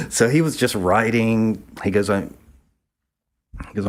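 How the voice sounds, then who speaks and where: A man's voice: on the low side, takes it slowly, long pauses. A man from the American South, a photographer, casually telling a long anecdote and acting out what others said. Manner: rambling storyteller who acts out quoted speech. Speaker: photographer guest.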